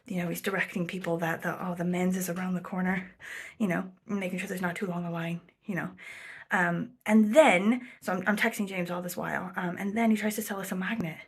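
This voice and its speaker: A woman vlogger talks straight to camera, rambling through a story in loose, casual chat. Her voice is slightly low and husky, packed with "like" and "um." Now and then she sinks to a near whisper. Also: steady tone, a little fast. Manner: rambling, chatty, full of 'like' and 'um', slips into quoted voices; drops to a near whisper at times.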